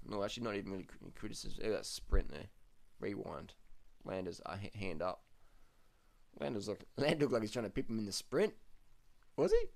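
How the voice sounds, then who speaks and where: Low-voiced man swearing through race commentary. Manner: swears often, voice jumps up when excited. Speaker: cycling commentator reviewing race footage. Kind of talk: profane, excitable race commentary.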